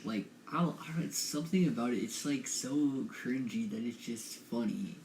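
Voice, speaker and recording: A man's voice: mid-range voice, expressive, normal speed, a little mellow. Hesitant young man in an echoey room. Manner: hesitant, repeats his words. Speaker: podcast co-host. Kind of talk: casual chat. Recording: echoey room with faint noise.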